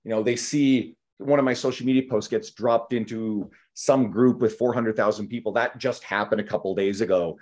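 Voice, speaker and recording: A man's voice: lowish voice, steady tone, moderate pace, few pauses, darkish tone. A man hosting a podcast for coaches, talking in a casual, rambling way with light swearing. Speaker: podcast host, fitness coach.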